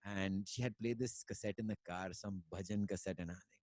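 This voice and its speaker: A man's voice: deep voice, fairly even intonation, a little fast, darkish tone. A man from India, a musician talking casually on a video call, rambling with many fillers and dropping in Hindi words. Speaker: musician guest. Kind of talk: casual conversation and storytelling.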